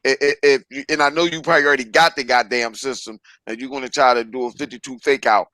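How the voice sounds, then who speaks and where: A man's voice: mid-range voice, fairly even intonation, fast talker, bright, forceful tone, no room sound, poor audio. A man hosting a podcast, delivering a profane, preachy rant and repeating "stop it". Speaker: podcast host. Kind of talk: ranting podcast commentary.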